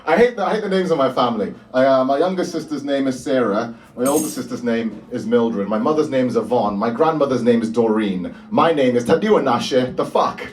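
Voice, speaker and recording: A stand-up comedian in his 20s performs live at a small bar venue before an audience, delivering dry, self-mocking material. His mid-range voice moves fairly quickly with hardly any pauses and sounds far from the mic.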